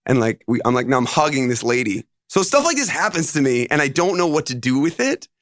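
A man speaking as a musician guest in an interview, telling stories in a loose, rambling, animated way. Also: mid-range voice, fast, no room sound, studio quality. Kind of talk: casual interview storytelling.

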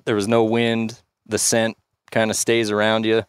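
A man guesting on a podcast, telling a story in a vivid, measured way. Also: lowish voice, monotone, smooth. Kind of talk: casual storytelling chat.

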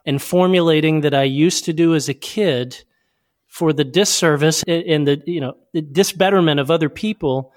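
A man guesting on a podcast interview, talking quickly and reflectively through personal anecdotes. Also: a little high. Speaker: podcast guest, youth speaker. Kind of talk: casual interview chat.

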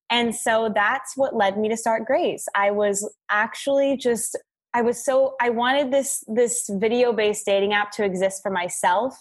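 A woman's voice: mid-range voice, moderate pace. A young woman, a guest on a podcast, telling dating stories in a bubbly, goofy way and laughing often. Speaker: podcast guest, app founder. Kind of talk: casual interview storytelling.

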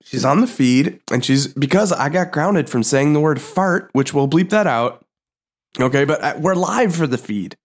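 A man's voice: a little high, expressive, normal speed. Playful, mock-indignant podcast co-host man. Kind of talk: casual comedy chat.

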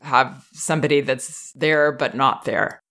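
A woman host giving parenting advice in a calm, measured, reassuring way. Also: rumbling low. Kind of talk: advice consultation.

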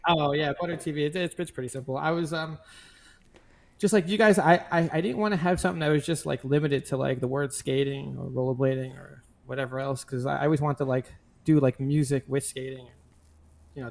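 A skate video maker appears as a guest in a casual interview, rambling in a loose, laid-back way and packing his speech with fillers. His medium-pitched voice has a creaky quality.

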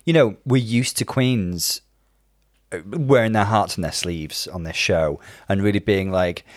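A man co-hosting a casual chat, analytical and measured, laying out his points in detail. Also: on the low side, no room sound, clean studio sound. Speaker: podcast co-host.

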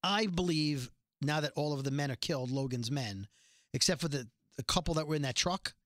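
This podcast co-host talks fairly quickly in a fairly high male voice, captured dry and at studio quality. He gives a casual recap of a TV episode, walking through scenes, delivering quoted lines flatly and cursing as he goes.

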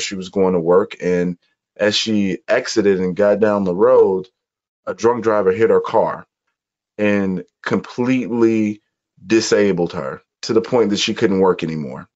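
A man from Chicago speaks as a guest in a conversation, with an earnest, reflective manner and measured pauses. His voice sits on the low side. The recording is dull and somewhat muffled. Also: darkish tone. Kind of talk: personal storytelling in conversation.

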